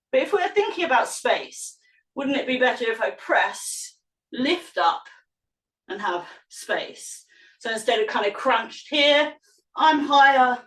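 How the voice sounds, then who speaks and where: A woman's voice: fairly high pitch, a bit bright. A woman yoga teacher leading an online class, cueing poses and breaths and explaining as she moves, a little out of breath. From England. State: slightly out of breath. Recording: echoey room, mic at a distance.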